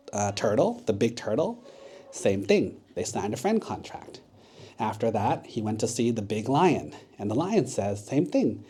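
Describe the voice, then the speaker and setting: A man's voice: mid-range voice, dark tone, breathy edge. A man, a Buddhist monk, telling a children's story in a casual, conversational way.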